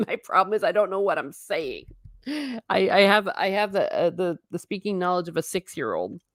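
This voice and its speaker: A woman's voice: fairly low pitch, sing-song, moderate pace, no room sound, clean studio sound. A woman from the United States hosting a casual livestream, chatting and rambling, reading viewer comments aloud and laughing often. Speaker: livestream host reading chat.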